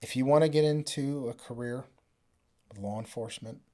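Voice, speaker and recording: A man who is a retired police detective, speaking as a podcast guest in an earnest, casual way, his voice dropping quietly at the ends of phrases. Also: mid-range voice, moderate pace. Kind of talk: casual conversational interview.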